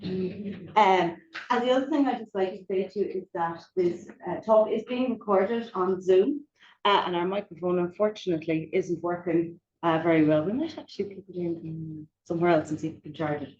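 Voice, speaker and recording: A woman with a lowish voice opens an evening event and welcomes the speaker. She hesitates often and fills the gaps with ums. The sound is dull and echoey, as in a hall. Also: moderate pace, darkish tone. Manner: hesitant, filler-heavy. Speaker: event host. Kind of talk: introducing a speaker. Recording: echoey room, dull mic.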